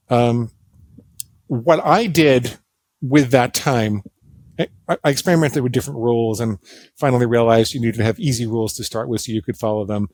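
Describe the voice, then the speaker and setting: A man's voice: mid-range voice, no echo. Dry-sounding man telling stories animatedly. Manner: animated, self-deprecating humor, acts out quoted voices. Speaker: podcast guest, psychologist. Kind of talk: conversational storytelling interview.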